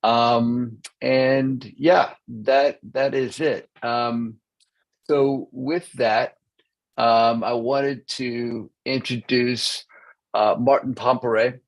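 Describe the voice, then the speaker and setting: Host, male, creaky gravelly voice, halting casual delivery over a video call. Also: medium pitch, steady tone, poor audio. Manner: hesitant, filler-heavy, restarts. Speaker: meeting host. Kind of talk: casual online meeting chat.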